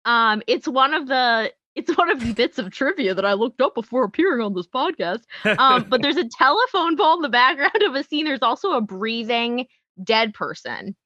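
A woman on a comedy podcast, making playful deadpan asides. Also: a little high, normal speed, few pauses, no room sound. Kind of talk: casual comedy podcast chat. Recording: dull, dry lo-fi recording.

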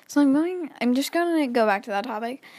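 A woman's voice: high voice, animated, brisk, darkish tone, no echo. A teenage girl hosting her own podcast, chatting casually, nervous and rambling, breathing heavily between thoughts and poking fun at herself. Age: teens. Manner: nervous, rambling, self-deprecating, heavy breathing. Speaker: podcast host. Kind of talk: casual solo podcast chat.

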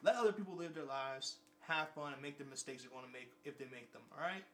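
A man's voice: medium pitch, fast talker, fairly bright tone. A young man talking casually and at length, rambling, repeating himself and swearing freely. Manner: rambling, repetitive, profane. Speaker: vlogger. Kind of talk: casual monologue.

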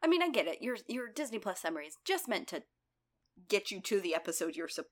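A woman's voice: mid-range voice, very animated, fast. A woman co-hosting a podcast, reacting to the recap with wry jokes in casual chat. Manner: wry, joking reactions and quips. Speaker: podcast co-host.

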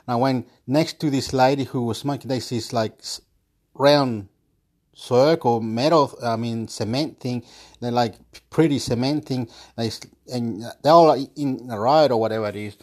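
A man's voice: mid-range voice, a little mellow. Man, casual home vlogger on a phone mic; meandering, repetitive delivery, salty language, nervous laughs. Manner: meandering, repeats himself, frequent restarts; swears freely, laughs between phrases. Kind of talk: rambling casual monologue.

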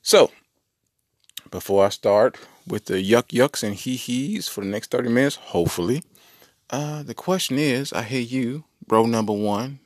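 A man's voice: medium pitch, a little slow, no room sound, clean studio sound. A man hosting a solo comedy podcast, riffing playfully and talking straight to his listeners. He is a parent with a daughter. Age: adult parent. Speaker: podcast host.

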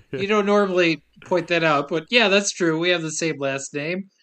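A man hosting a casual podcast, lively and laughing often. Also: on the high side, unhurried. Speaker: podcast host. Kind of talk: casual chat.

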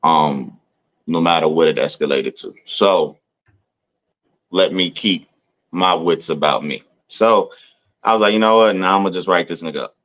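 Deep-voiced man telling a story, lo-fi. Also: normal speed, pauses often. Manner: animated, acts out quoted voices in a higher pitch; peppers talk with "you know what I'm saying". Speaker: podcast co-host. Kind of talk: casual storytelling chat. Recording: dull lo-fi sound.

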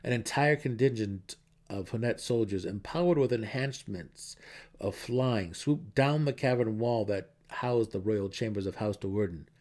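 A man reads a fantasy novel aloud in a low, steady voice. His delivery is dramatic and measured, shaping each battle scene like a storyteller. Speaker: narrator. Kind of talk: dramatic audiobook reading.

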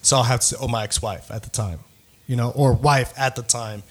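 A man's voice: medium pitch, fairly even intonation, a little fast. A young man hosting a podcast, telling rambling, profane stories in casual slang, often laughing as he goes. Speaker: podcast host. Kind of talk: casual storytelling chat.

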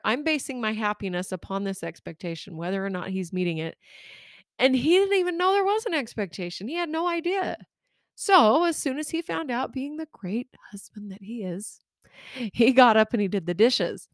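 Expressive woman coaching listeners, dry sound. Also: on the high side, no room sound. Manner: expressive, candid storytelling with direct address to listeners. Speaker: life coach and podcast host. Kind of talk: conversational advice podcast.

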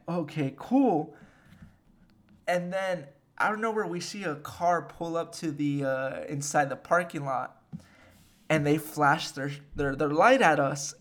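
Young dude telling a story, lots of likes and cursing, a bit high pitched. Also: male voice, measured pace. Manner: animated, swearing, many fillers. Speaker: podcast host. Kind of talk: casual storytelling.

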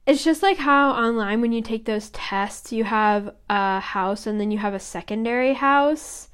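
A woman's voice: on the high side, measured pace, a bit bright, smooth. A woman on a podcast making joking asides and puns. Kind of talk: casual chat.

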